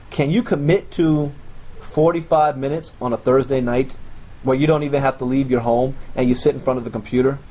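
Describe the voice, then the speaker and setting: A man's voice: medium pitch, darkish tone. A man giving a recorded motivational sales training talk, blunt and confrontational, boasting and lecturing his listeners.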